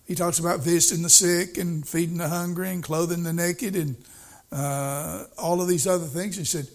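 A man's voice: on the high side, steady tone, moderate pace. A male preacher giving a sermon in a folksy, storytelling way, repeating his points for emphasis.

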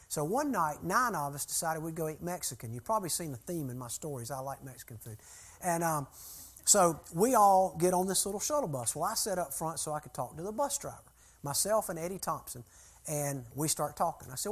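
An older man, a preacher and church consultant, teaches a group in sermon style with a long, folksy story. His voice is a little high, animated, and brisk, and his manner is conversational.

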